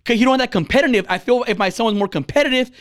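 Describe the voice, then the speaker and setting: A man in his thirties chats casually, telling stories bluntly and profanely at a very fast clip, acting out the people he quotes with big jumps in pitch. His tone is clean, and the recording is dry and of studio quality.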